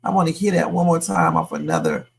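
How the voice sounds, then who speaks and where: A woman's voice: deep voice, huge pitch swings, fast, creaky, breathy edge. A woman hosting a live stream, chatting casually and thinking aloud as she replays clips.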